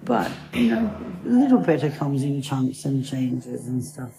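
A woman's voice: very deep voice, big pitch swings, unhurried, creaky, crowd noise. A woman rambling casually and telling jokes as a chatty storyteller.

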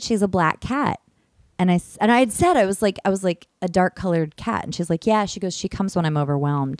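A woman with a fairly low voice tells a loose, animated story on a podcast. She laughs often, swears freely, and starts sentences over. The sound is close and dry. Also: fairly quick, no echo. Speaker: podcast host. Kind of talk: casual storytelling chat.

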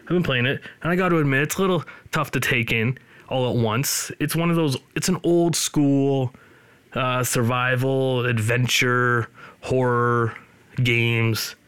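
A male podcast host in his studio, chatting casually, rambling, and joking at his co-host's expense. His voice sits at an ordinary middle pitch, and the sound is dry and close with no room echo. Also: fairly even intonation, unhurried, fairly bright tone, clean tone. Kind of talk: casual chat.

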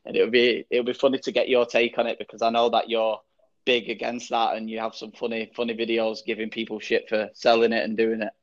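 A man hosting a podcast interview, relaxed and swearing casually. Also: fairly low pitch, fairly quick. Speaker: podcast host. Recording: dull lo-fi sound.

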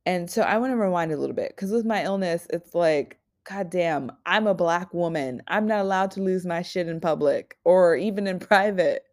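A woman in her twenties hosting a podcast, talking in a raw, candid personal monologue that is full of halting restarts and frank swearing. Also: on the low side. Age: 20s. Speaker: podcast host.

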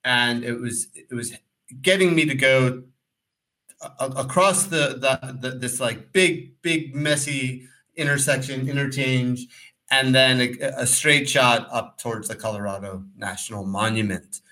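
A man co-hosting a podcast, telling a rambling, animated story in casual talk and acting out the voices in it. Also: medium pitch, a little slow, low-quality recording. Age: adult, former pro cyclist. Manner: rambling, animated, acts out quotes. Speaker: podcast co-host.

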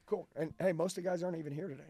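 Male sales trainer, gravelly and husky, blunt and profane, fired-up delivery. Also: on the high side, fairly even intonation, rapid-fire, mellow, no room sound. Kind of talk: intense motivational interview talk.

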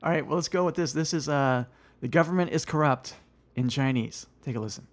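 A man's voice: fairly high pitch, brisk. A man hosting a podcast, prompting his guest with questions and short reactions in casual chat. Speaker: podcast host.

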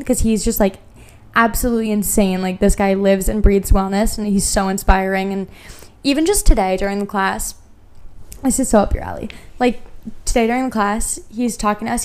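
A young woman hosts her podcast in a casual solo chat. She gushes and rambles, dropping "like" into nearly every sentence. Her voice is smooth and clear, with a middling pitch. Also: a little mellow. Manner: chatty and gushing, heavy use of "like". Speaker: podcast host.

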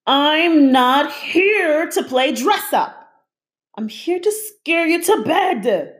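A woman voices a snarling, easily offended female storybook monster. She speaks high and loud, with plenty of affront. The lines come slowly. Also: big pitch swings. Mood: indignant. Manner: snarling, indignant.

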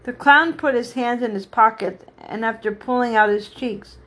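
A woman's voice: fairly high pitch, normal speed, fairly bright tone. A woman reading a children's story aloud, unpolished, going back to fix slips and restart lines. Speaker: reader.

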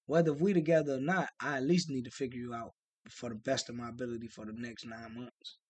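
A man co-hosting a podcast in casual chat, talking bluntly and profanely with animated storytelling. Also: medium pitch, quick pace, breathy edge, no room sound. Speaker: podcast co-host.

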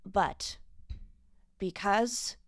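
A woman's voice: medium pitch, drawn-out words, no room sound, studio quality. A woman hosting a solo book podcast, chatting casually with wry, self-mocking asides. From United States. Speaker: podcast host reviewing books.

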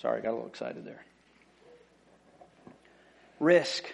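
A middle-aged man preaching a sermon as lead pastor, fervent and emphatic, repeating key phrases and swinging from loud excited bursts to quiet asides. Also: moderate pace, vocal fry. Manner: fervent, emphatic repetition, rising to excited outbursts then dropping low.

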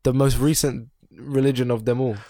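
A man co-hosting a podcast in casual chat, animated and quick to laugh as he retells comedy bits. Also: medium pitch, no echo, clean studio sound. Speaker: podcast co-host.

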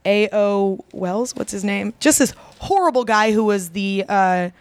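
Chatty woman with a smooth voice. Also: mid-range voice, a little slow, no echo. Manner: rambling, many fillers and restarts. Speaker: podcast co-host. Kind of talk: casual chat.

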